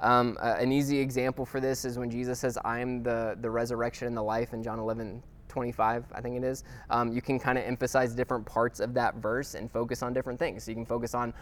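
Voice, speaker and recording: A man's voice: mid-range voice, flat delivery, quick pace, hardly any pauses. A man teaching a weekly Bible study class in a casual, conversational way, with many fillers and restarts and check-ins with his listeners.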